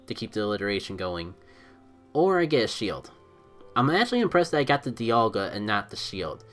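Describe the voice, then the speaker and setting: Excitable man narrating his gameplay live. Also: fairly low pitch, fairly quick, faint music behind. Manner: excitable, thinks aloud, self-critical. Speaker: streamer playing a mobile game.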